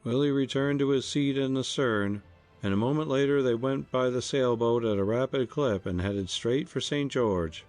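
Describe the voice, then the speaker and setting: A man narrating an audiobook in an even storytelling delivery. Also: medium pitch, moderate pace, dry recording, faint music behind.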